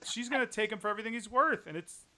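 A man co-hosting a casual podcast chat about a TV show, animated and sometimes exasperated. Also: high voice, rapid-fire. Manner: animated, rising to exasperated outbursts. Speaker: podcast co-host.

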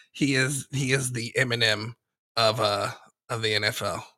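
A man co-hosts a sports podcast with a very bright, forceful tone and a quick joking wit. The sound is dry and close, with no room around it. He plugs shows and banters freely. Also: mid-range voice, fairly even intonation, no echo. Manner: joking, quick with one-liners. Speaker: podcast co-host. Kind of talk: casual sports chat.

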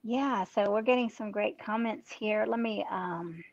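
A woman's voice: medium pitch, measured pace. A woman hosting a live show, affirming her guest and reading viewer comments aloud, on a dull, dry recording. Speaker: host.

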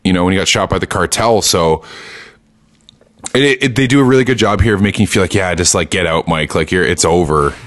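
A man's voice: sits low, fairly quick, a bit bright. A man casually recapping a TV episode on a podcast, rambling with lots of fillers and acting out quoted lines. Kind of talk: casual chat.

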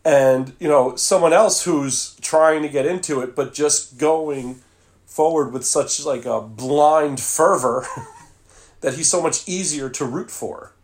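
A man co-hosting a casual film podcast, relaxed, recapping the plot with some halting restarts. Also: fairly high pitch. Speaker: podcast co-host.

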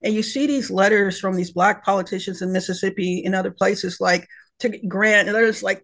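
Guest professor, fired up and emotional, middle pitch, trips over words. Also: steady tone, a little fast, vocal fry, fairly bright tone. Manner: impassioned, emotional, frequent restarts. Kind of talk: passionate panel discussion.

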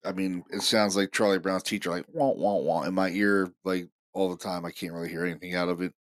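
A man hosting a paranormal show, telling stories casually in an excited, rambling way full of fillers and restarts. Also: deep voice, fast talker. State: deaf in left ear. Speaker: paranormal podcast host. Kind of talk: casual storytelling monologue.

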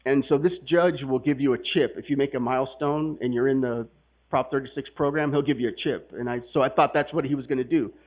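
A man's voice: mid-range voice, a little fast, darkish tone. A man sharing his recovery story at a workshop in a casual, conversational way, swearing and laughing as he acts out the people in it. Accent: Californian. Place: workshop gathering room.

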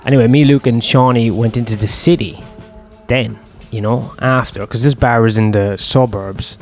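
A man's voice: medium pitch, fairly even intonation, moderate pace, faint music behind. A man, telling a long personal story in a rambling, profane, self-deprecating way. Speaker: host.

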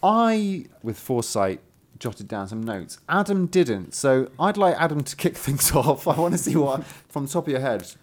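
A British man co-hosting a podcast in casual chat, animated and laughing often. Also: medium pitch, normal speed. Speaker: podcast co-host.

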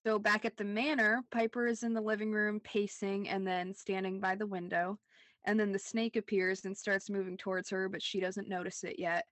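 A woman's voice: medium pitch, little pitch movement, moderate pace, a bit bright, dry recording. Giggly young woman recapping a show. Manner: laughs often, says "like" a lot, recaps scenes. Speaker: podcast co-host. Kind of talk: casual rewatch chat.

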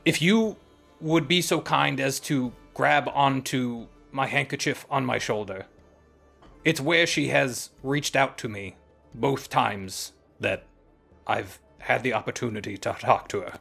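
Guy doing a polite devout big-nosed adventurer, gravelly low rasp. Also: unhurried, fairly bright tone, soft background music, exaggerated voice. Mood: earnest. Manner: formal, polite, earnest.

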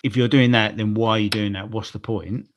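An English man from Kent, co-hosting a podcast and telling stories in an animated, casual way with some swearing. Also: on the low side, fairly quick. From Gravesend, Kent, England. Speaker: podcast co-host. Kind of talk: casual chat.

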